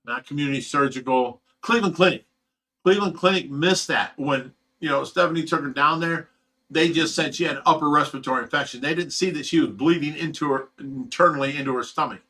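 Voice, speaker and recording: A man's voice: fairly high pitch, fairly quick, sharp tone, poor audio. Emotional middle-aged man telling a story. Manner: emotional, rambling, swears freely. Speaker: fish rescue owner. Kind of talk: casual personal storytelling.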